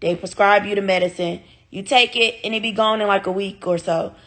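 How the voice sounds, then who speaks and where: A woman telling her viewers a personal story, animated and blunt, swearing freely and sounding upset and near tears. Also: mid-range voice, a little fast. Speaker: vlogger.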